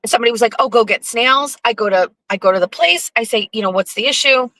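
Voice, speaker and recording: A woman hosting her own show, telling a profane, animated story with sarcastic asides in a casual live-stream monologue. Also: on the high side, very fast, dry recording, low-quality recording. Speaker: show host.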